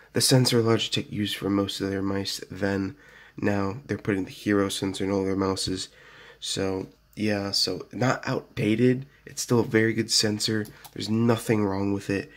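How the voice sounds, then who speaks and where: A man giving a casual, rambling product review at his home desk, full of fillers and "so yeah", recorded on a phone camera. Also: lowish voice. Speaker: gaming gear reviewer.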